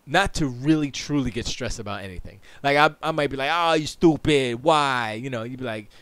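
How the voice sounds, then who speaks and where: A streamer and show host chats casually on a live stream from his home studio, speaking fast in a mid-range, somewhat bright voice. He rambles, interrupts himself and laughs often, and the recording is dry.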